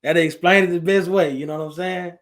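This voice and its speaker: A man's voice: high voice, steady tone, a little fast. A man hosting a casual interview, laid-back, often saying "you know what I'm saying.". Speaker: interview host.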